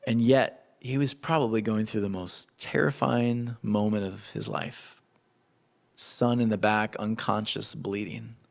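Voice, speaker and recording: A man preaching a sermon in an animated, conversational way. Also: lowish voice, a little slow, gravelly. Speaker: pastor.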